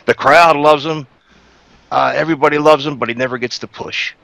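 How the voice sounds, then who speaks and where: A man co-hosting a casual wrestling review, giving blunt, critical opinions in a relaxed way. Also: fairly high pitch, fairly quick, vocal fry, dry recording.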